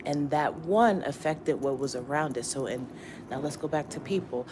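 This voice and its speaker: A woman's voice: low-pitched, moderate pace, warm tone, a little hiss or hum. A woman tarot reader giving a casual morning pep talk to her viewers, slangy and profane, repeating herself for emphasis. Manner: repetitive and emphatic, often asking "you get what I'm saying?".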